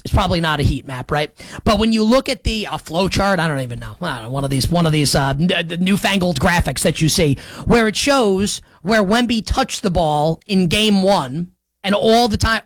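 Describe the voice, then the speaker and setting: A man hosting a sports talk show, giving opinionated commentary in a sarcastic, emphatic way, with big swings in pitch and pace. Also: a bit bright, no room sound.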